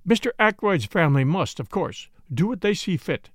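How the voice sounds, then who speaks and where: A man's voice: high-pitched, lively intonation, moderate pace, no echo, studio quality. A man voicing a genial chief constable, a colonel with a hearty, breezy manner in an audiobook. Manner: hearty, breezy, officer's bluster.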